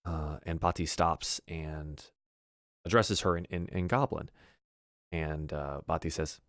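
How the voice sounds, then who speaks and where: Deep-voiced rambling man running a tabletop game. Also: steady tone, unhurried, dry recording, clean studio sound. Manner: rambling, full of fillers and restarts. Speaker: game master.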